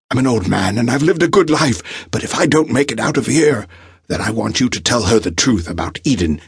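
A man voicing a frail, dying old professor who speaks in a gravelly, raspy voice with labored breath. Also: mid-range voice, no room sound, clean studio sound, pitched above the performer's own voice, full character voice. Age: older. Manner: labored breathing, urgent pleading.

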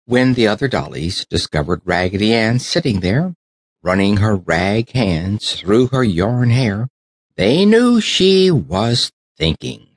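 A man narrating a children's storybook audiobook with an expressive, animated reading. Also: fairly low pitch, slow, dry recording.

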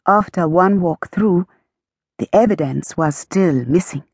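Husky woman narrating an audiobook. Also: fairly low pitch, unhurried, darkish tone, no echo, clean studio sound.

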